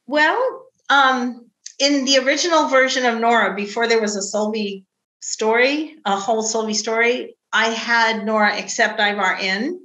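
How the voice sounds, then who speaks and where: A middle-aged woman novelist talking casually about writing her book, telling stories about her family with animated quoted voices. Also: fairly high pitch, moderate pace, roomy sound, low-quality recording. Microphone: video call.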